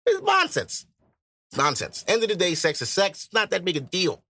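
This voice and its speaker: A man's voice: high-pitched, wildly swooping pitch, moderate pace, pushed and bright. A man hosting a podcast, arguing his point bluntly in casual, profane chat. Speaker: podcast host.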